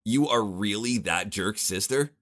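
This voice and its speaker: A man's voice: fairly low pitch, unhurried, a bit bright. A man voicing a cocky, hostile teenage boy who snarls and growls at his rival in a storybook tale.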